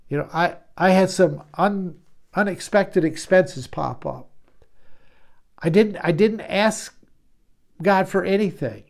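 A man's voice: high-pitched, darkish tone. Conversational male pastor preaching. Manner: conversational, repeats words and restarts, acts out God's voice. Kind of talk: sermon.

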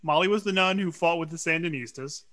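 A middle-aged man from Louisiana chatting casually on a podcast, ranting with quick asides. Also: a little high, bright, forceful tone. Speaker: podcast co-host. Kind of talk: casual chat.

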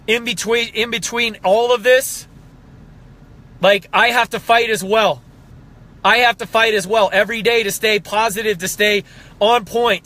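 A man's voice: sits high, sharp tone. A man in his thirties, an exercise coach, giving a passionate, fired-up motivational pep talk to viewers. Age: 30s.

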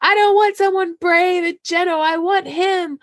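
A woman putting on a high, gushing lovestruck girl. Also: steady tone, moderate pace, no echo, studio quality. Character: dreamy lovestruck young noble girl.

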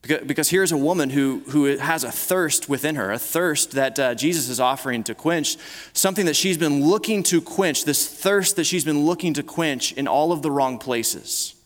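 A man's voice: a little high, moderate pace. A male pastor preaching a conversational sermon to a live congregation, often restarting his words as he talks. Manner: conversational preaching with frequent repeated starts. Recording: long reverb of a large hall.

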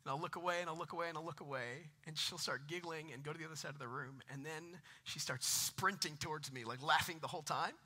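Forceful preacher man. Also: a little high, fast talker, few pauses. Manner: conversational preaching with jokes and rising emphasis. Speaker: pastor. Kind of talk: sermon.

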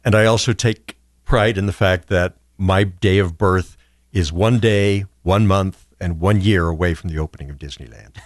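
A man in his sixties chatting as a podcast guest, sharing quick, warm recollections. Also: deep voice, no echo, clean studio sound. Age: 60s. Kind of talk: casual chat.

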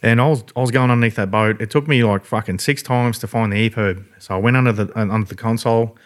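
Speaking quickly in a fairly low voice, an Australian man on a podcast rambles easily through a casual story. He keeps it laid-back and swears freely as he goes.

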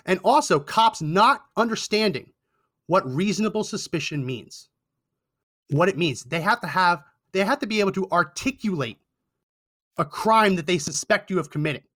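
A man's voice: sits high, lively intonation, normal speed, pushed and bright. A young man hosting a talk show, telling a story with indignant sarcasm. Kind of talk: storytelling commentary.

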